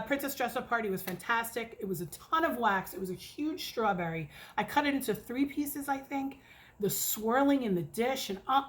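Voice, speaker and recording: A middle-aged woman from the United States chatting casually at home about wax she has tried, excitable and cursing now and then. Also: a little high, slight background noise. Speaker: wax reviewer. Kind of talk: casual chat. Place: home near an airport.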